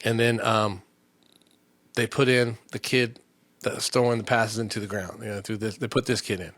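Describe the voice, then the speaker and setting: A man's voice: on the low side, little pitch movement, moderate pace, a bit bright, no echo. A man hosting a comedy podcast, telling a long story in a heated, indignant, rambling way with many restarts. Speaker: podcast host. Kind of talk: casual storytelling rant.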